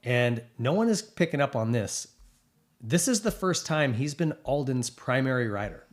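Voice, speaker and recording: A middle-aged man in easygoing conversation, his voice sitting at an ordinary middle pitch. He talks with real enthusiasm, rambling a little and leaning on fillers as he works through his thoughts. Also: animated, normal speed. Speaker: podcast co-host. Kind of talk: casual chat about racing.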